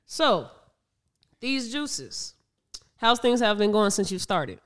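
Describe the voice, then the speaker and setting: A woman hosting a podcast, chatting casually and relaxed with frequent affirming backchannels. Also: mid-range voice, slow pace. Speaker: podcast host. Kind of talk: casual interview chat.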